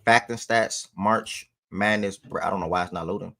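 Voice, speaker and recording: A man's voice: low voice, fairly even intonation, moderate pace, creaky, a bit bright. A man hosting a sports livestream, talking to his chat in loose, slangy casual speech. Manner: loose slangy talk, breaks off to call his dog.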